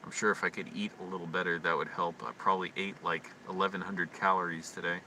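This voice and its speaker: A man rambling through a late-night livestream monologue, talking quietly and anxiously to himself with frequent restarts. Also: sits low, flat delivery, fast. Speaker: live streamer. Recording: distant mic with constant hum.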